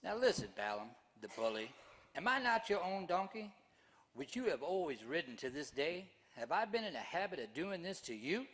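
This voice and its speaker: A man's voice: a little high, sing-song, normal speed, fairly bright tone. A man voicing a cheeky, indignant male donkey who scolds his rider, performed live in a church. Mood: scolding. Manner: sassy, scolding. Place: church auditorium, live on stage. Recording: long reverb of a church hall.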